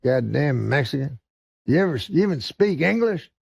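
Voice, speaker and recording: Loud rude redneck guy, a gravelly comic puts him on, pushy and insulting. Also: on the high side, sing-song, moderate pace, no room sound, clean studio sound, pitched above the performer's own voice, exaggerated voice. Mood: belligerent. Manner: belligerent, insulting. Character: big rude redneck male customer.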